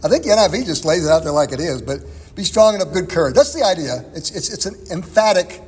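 A man with a high, husky voice preaches through a scripture passage. He explains in a relaxed, conversational way and chuckles between points. His words ring out with a long reverb, as in a large hall. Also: fast talker. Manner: expository, conversational, chuckles often. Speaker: pastor. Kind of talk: sermon.

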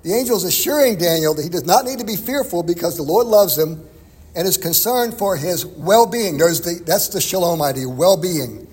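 A man with a high, husky voice preaches through a scripture passage. He explains in a relaxed, conversational way and chuckles between points. His words ring out with a long reverb, as in a large hall. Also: normal speed. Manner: expository, conversational, chuckles often. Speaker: pastor. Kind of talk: sermon.

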